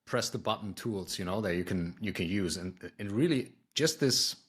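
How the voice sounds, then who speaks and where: Deep, husky man hosting. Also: expressive, moderate pace. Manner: affirming, brief responses. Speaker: podcast host. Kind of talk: casual interview.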